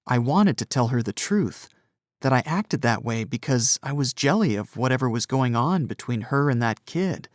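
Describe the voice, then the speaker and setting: Man, audiobook narrator, first-person, expressive, lively pitch, dry close mic. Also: moderate pace, no room sound. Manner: expressive storytelling.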